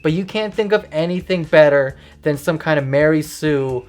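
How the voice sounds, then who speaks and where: A woman's voice: sits low, normal speed, darkish tone, faint music behind. A woman talking through a casual, opinionated video essay, informal and loose with fillers.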